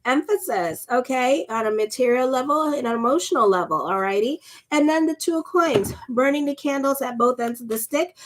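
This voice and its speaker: A middle-aged woman astrologer chatting through her weekly tarot horoscope. Her voice sits a little high, and she rambles candidly, laughing often and drifting into lively personal asides. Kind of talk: casual chatty horoscope vlog.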